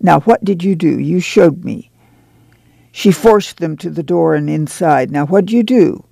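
Man doing a brisk, drawling farm mother. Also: a little high, gravelly, warm tone, no room sound. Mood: amused. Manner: rural drawl, brisk commands. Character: weary, practical farm mother, bossy and proud. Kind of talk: audiobook reading.

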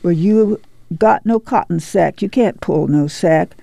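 Guy reading as tired no-nonsense farm mom, folksy talk, bit of gravel, dark tone. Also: on the low side, no echo, studio quality. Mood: firm. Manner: folksy rural dialect, brisk commands. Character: weary, firm farm mother running family.

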